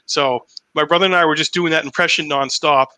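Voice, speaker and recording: Bright, chatty man with a dry close sound. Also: a little high, fairly even intonation, fairly quick, no echo, low-quality recording. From Massachusetts, USA. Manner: chatty, profane storytelling. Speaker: impressionist guest. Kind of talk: casual podcast chat.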